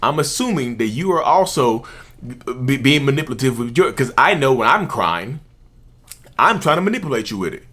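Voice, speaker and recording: A man hosting his own channel, talking straight to the camera in a casual, emphatic way. He repeats his points over and over and chuckles now and then. His pitch swings lively through his sentences. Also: normal speed. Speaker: channel host, self-described narcissist. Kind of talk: casual talking-head commentary.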